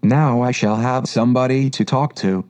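A man's voice: medium pitch, normal speed, a little mellow, close to an everyday voice. A man voicing a polite, curious young girl in a storybook reading. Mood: earnest. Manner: polite, earnest.

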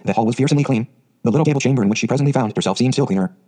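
A man narrating a classic novel as an audiobook reader, in brisk, even storytelling. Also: medium pitch, breathy edge.

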